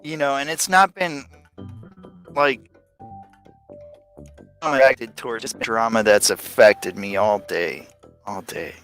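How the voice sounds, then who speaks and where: A man's voice: mid-range voice, slow, long pauses, a bit bright, low-quality recording. A man hosting a casual live stream chat, rambling and venting with lots of fillers and restarts. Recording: faint music behind.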